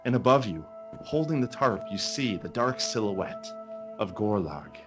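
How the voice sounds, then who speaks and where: A man running a tabletop game as game master, telling the scene in a slow, dramatic way with long pauses. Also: on the low side, lively intonation, music in the background.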